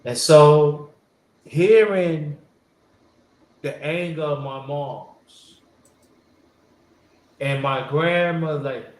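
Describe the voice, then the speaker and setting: A man's voice: a little high, very slow, pauses often, darkish tone. A man casually telling a rambling family story as a host, repeating himself and acting out his relatives' lines. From New York. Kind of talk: casual storytelling to a live audience. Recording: echoey room with faint background hiss.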